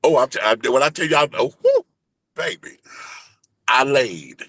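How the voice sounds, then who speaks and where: A man in his forties telling a personal story in an animated, flamboyant, profane way during a casual interview. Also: mid-range voice, unhurried, no room sound. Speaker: guest, entertainer and radio host.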